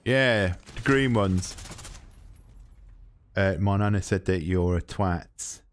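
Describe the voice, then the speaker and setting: A man's voice: sits low, takes it slowly, a little hiss or hum. A man with an English accent taunting other players in game voice chat, mocking and boastful, speaking through a headset. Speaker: streamer trolling other players. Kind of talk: insulting banter over game voice chat.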